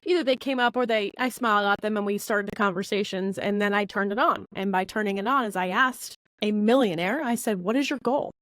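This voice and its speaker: A woman speaking as a networking coach in an interview, blunt and lively, acting out quoted conversations in sudden higher voices. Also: brisk, few pauses, dry recording. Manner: blunt, with occasional swearing. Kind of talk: candid interview talk.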